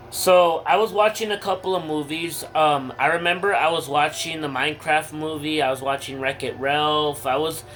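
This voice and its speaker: Slangy teenage guy, bright voice. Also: a little high, rough recording. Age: teens. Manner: slangy, emotional, candid, many fillers. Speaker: vlogger. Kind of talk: casual storytelling to viewers.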